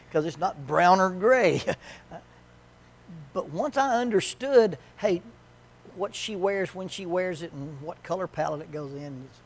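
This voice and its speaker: A man with a slightly higher-pitched voice leads a church marriage workshop in a relaxed, conversational way. He is folksy and joking, and he drops into quick acted quotes.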